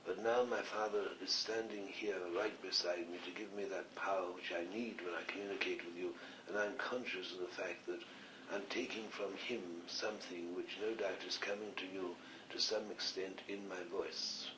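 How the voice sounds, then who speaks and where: A deep, slightly bright male voice with fairly even intonation and a moderate pace carries a slight Scottish accent. He speaks earnestly and ramblingly as a spirit communicator at a séance, on an echoey, distant old archive recording with faint hiss.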